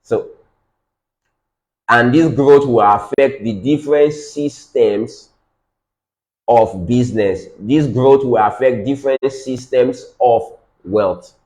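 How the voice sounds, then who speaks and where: A man with a Nigerian accent leads a business training session at an ordinary middle pitch. He hammers his points home by repeating phrases over and over and keeps asking the listeners if they follow. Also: slow pace, a little mellow, poor audio. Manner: repeats key phrases for emphasis, quizzes the audience.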